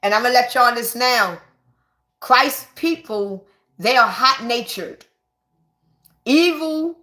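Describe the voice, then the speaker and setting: A woman, giving an excited, emphatic spiritual monologue to her viewers and repeating herself for stress. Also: sits high. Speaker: spiritual vlogger. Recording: echoey room.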